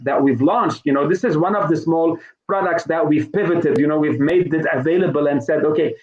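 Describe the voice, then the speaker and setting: A man's voice: a little high, roomy sound, lo-fi sound. A middle-aged man, a sales trainer being interviewed live, telling stories with many restarts and fillers. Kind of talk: live online interview, conversational.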